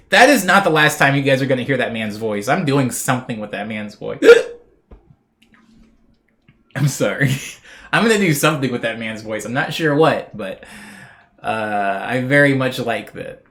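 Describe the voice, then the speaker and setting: A man chatting casually on a live stream, relaxed and talkative, reading viewers' messages aloud and laughing now and then. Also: mid-range voice.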